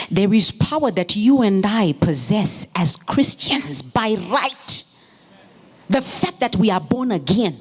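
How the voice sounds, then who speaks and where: A woman preaching a sermon in church, moving from storytelling into fervent, shouted exhortation. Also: mid-range voice, slightly rough. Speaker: pastor's wife preaching.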